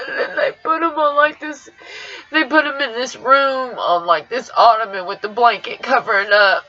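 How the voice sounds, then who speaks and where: Young woman vlogger, raspy fry in a fairly high voice, dull lo-fi recording. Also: expressive, moderate pace, pushed and bright. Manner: emotional, rambling retelling. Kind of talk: personal storytelling vlog. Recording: dull lo-fi sound.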